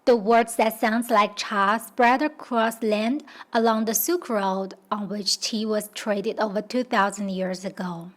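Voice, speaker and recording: A woman narrating a scripted documentary voice-over in a steady, explanatory way. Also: medium pitch, measured pace, hardly any pauses.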